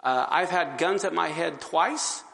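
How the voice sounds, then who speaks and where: Gravelly high-voiced man telling his testimony. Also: unhurried, big-room sound. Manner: animated storyteller, acts out the scenes. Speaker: speaker giving his testimony. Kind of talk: sermon-style testimony.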